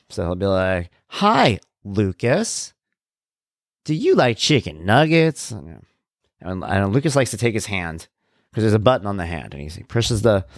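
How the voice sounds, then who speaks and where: A father with a lowish voice tells personal family stories casually and unscripted, his pitch swinging widely as he acts out the people he quotes. The recording is dry and close, with no room echo.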